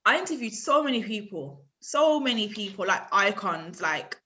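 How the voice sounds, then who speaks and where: A woman in her thirties, a journalist guest on a podcast, telling her story in an animated, casual way, acting out other people's lines and laughing often. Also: mid-range voice, normal speed, lo-fi sound.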